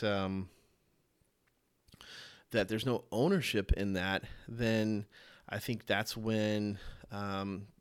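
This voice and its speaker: A man's voice: clean tone, no echo. A man hosting a solo podcast, thinking aloud about leadership with many fillers and restarts. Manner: acts out quoted voices with sudden high pitch jumps. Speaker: podcast host.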